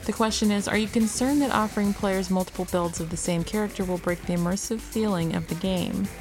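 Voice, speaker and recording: A woman's voice: mid-range voice, a little fast, over music. A woman hosting a gaming podcast, reading interview articles aloud and chatting casually between them. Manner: reads quotes evenly, chats casually between them. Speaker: podcast host.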